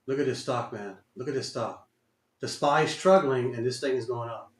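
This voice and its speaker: A man's voice: medium pitch, moderate pace. A man giving live commentary on his own day trades, muttering, cursing and repeating himself in frustration. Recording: roomy echo.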